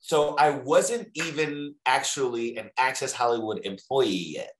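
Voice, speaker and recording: A man in a casual interview, spinning lively anecdotes and slipping into the voices of the people in them. His voice is mid-pitched for a man and rings a little in a roomy, echoey space. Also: unhurried, slight background noise. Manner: animated storyteller who acts out quoted voices. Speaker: TV entertainment host, interview guest.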